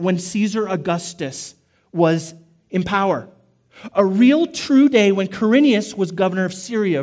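Emphatic preaching man, high and mellow. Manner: emphatic, repetitive preaching with slow stressed phrases and sudden drops. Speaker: pastor. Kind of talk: sermon.

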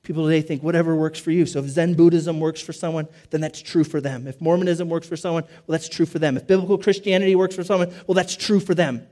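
A man delivers a sermon with emphatic repetition, his voice sitting high for a man yet sounding warm and mellow. He slows down to stress key phrases and often sinks into quiet, low asides. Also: steady tone. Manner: emphatic, repetitive preaching with slow stressed phrases and sudden drops. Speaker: pastor.

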